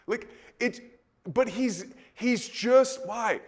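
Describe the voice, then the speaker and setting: A man preaching a sermon in a conversational way, full of rhetorical questions, moving between soft and loud delivery. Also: sits high, big pitch swings, takes it slowly, long pauses. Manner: conversational, repeats words.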